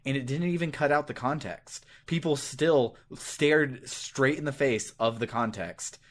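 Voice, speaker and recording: A man's voice: medium pitch, measured pace, a bit bright. A man co-hosting a podcast, enthusiastically explaining why he loves a game scene. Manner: enthusiastic, emphatic. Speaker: podcast co-host. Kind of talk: casual chat about a game.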